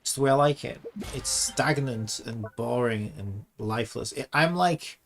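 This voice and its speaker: A man giving excitable, sarcastic live commentary while playing a video game. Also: mid-range voice, normal speed, gravelly, soft background music. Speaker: gaming streamer.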